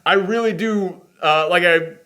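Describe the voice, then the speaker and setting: A man's voice: high-pitched, a little slow, pushed and bright. Chatty man with a runny nose. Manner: rambling, self-deprecating, acts out quotes in silly voices. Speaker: movie reaction host. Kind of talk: casual movie review chat.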